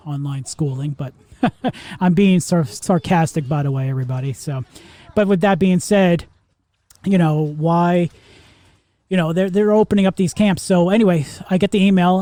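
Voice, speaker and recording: A man's voice: high-pitched, warm tone, no echo. A man in his forties hosting a podcast, rambling in a casual monologue full of fillers and restarts. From Florida, US. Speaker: podcast host.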